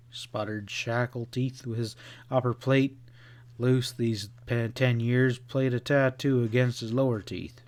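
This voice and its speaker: Slow-reading male audiobook narrator. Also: medium pitch, level tone, darkish tone.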